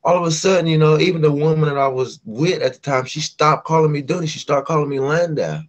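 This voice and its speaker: Animated storytelling man from West Virginia. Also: on the high side, fast talker. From West Virginia, USA. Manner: animated, acts out quoted voices. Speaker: guest singer. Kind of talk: casual interview storytelling.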